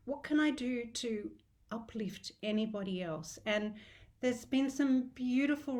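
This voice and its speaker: A middle-aged woman with an Australian accent hosts a diet group in a casual live video talk. She speaks in a heartfelt, encouraging way, with rambling restarts. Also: fairly high pitch.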